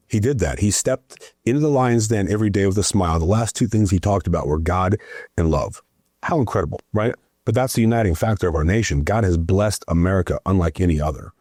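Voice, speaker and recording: Male political guest, low and husky, emphatic storyteller. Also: darkish tone, no echo, studio quality. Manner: emphatic storyteller, keeps adding "right?". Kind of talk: political conversation.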